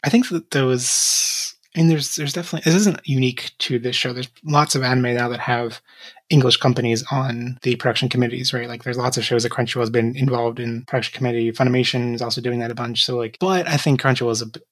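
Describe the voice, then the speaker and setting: A man's voice: mid-range voice, steady tone, fast. A man co-hosting a podcast, chatting casually and critically, rambling with many fillers and sighs. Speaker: podcast co-host.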